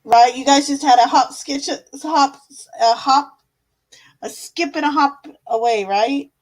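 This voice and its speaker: A woman with a fairly high voice hosts a live tarot stream. Her talk is relaxed and affectionate, full of pet names for her viewers and easy fillers between her thoughts. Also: unhurried, poor audio. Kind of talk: casual live-stream chat with tarot reading.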